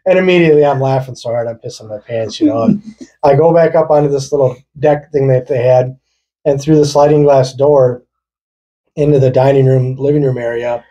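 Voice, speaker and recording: This podcast co-host from rural Wisconsin has a husky, mellow, medium-pitched voice with a steady tone, speaking fairly quickly over dull audio. He tells a story among friends in a loose, profane way, laughing as he goes.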